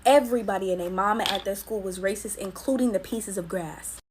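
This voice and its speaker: A young woman chats through a storytime in a casual, emphatic way, her voice sitting at an ordinary middle pitch. She gets animated as she tells it. There is clear background noise under the recording. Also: a little fast. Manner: chatty, emphatic, animated retelling. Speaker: storytime vlogger. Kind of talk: casual storytime while making slime.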